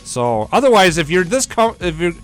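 A man's voice: high voice, very animated, normal speed, clear, resonant tone, soft background music. A man hosting a casual, jokey news chat on a radio show, rambling between stories. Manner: rambling, jokey, breaks into mock singing.

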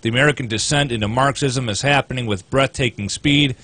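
A man's voice: mid-range voice, brisk, a bit bright, no room sound. A man co-hosting a casual talk show, reading news articles aloud with sarcastic asides. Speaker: co-host.

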